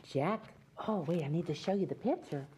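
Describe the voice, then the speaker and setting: A woman hosting a children's show, reading a fairy tale aloud in a gentle, sing-song way and speaking to young children. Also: lowish voice, animated, normal speed, slightly rough.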